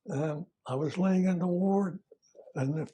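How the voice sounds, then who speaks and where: An older retired army veteran man recalling his service in a plain-spoken, halting way, with fillers and self-corrections. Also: high voice, mellow, slight background noise. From United States. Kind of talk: oral history recollection.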